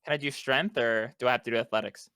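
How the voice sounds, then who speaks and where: A man's voice: mid-range voice, fast, sharp tone, smooth, no echo, studio quality. A man playing a tabletop game, curious and unsure about the rules. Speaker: player. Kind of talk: casual tabletop game chat.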